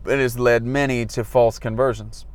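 Guy talking in his car in traffic, frank and a bit self-mocking, mid-pitched voice, does little voices for old conversations. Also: steady tone, normal speed, smooth, no echo. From Florida, US. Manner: candid, self-deprecating, acts out quoted dialogue. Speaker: former evangelist recounting his past. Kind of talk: casual reflective monologue.

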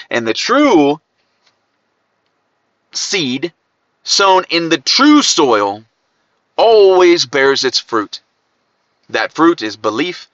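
A man's voice: a little high, dry recording, highs cut off. Impassioned man preaching with an Ohio accent. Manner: impassioned, swings from loud emphatic peaks to quiet asides. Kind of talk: podcast sermon.

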